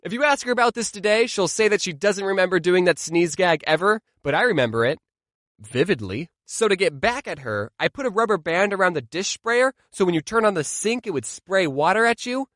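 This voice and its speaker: A young man telling comedic stories about his childhood, animated and sarcastic, with deadpan asides. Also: high-pitched, brisk, dry recording, clean studio sound. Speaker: vlogger. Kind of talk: comedic storytime monologue.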